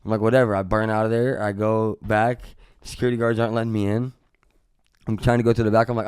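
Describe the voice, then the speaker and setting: A man from Missouri, a musician guest on a podcast, telling a story in a casual, profane way. He jumps into loud re-enactments of what was said. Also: on the low side, little pitch movement, fast talker, clean tone, dry recording, clean studio sound. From Missouri, USA.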